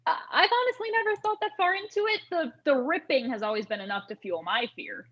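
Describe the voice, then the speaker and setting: A woman's voice: high voice, lively intonation, a little fast, dull audio. A young actress playing an earnest young woman terrified of chimpanzees, speaking in an overly formal, dramatic manner. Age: young adult. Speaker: actor in a student comedy sketch. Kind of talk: stage comedy dialogue.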